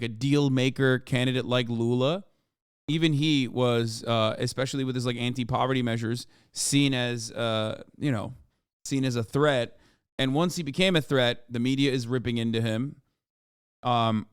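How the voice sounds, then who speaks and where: A man's voice: mid-range voice, clear, resonant tone, no echo, clean studio sound. A man hosting a livestream, reacting with sarcastic, rambling commentary full of "like" fillers. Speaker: streamer host.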